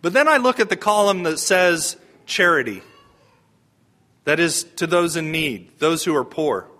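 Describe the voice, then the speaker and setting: Speaking at a measured pace, this priest has a somewhat high pitch and a clear, bright edge, and his delivery is animated. His homily feels like a conversation, with many questions directed at the people in the pews.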